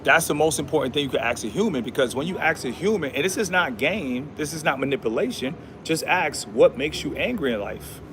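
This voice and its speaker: A man's voice: on the high side, lively intonation, brisk, few pauses, noisy background. A man hosting a casual livestream, talking in a preachy, repetitive way with slangy speech and Bible verses. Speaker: livestream host.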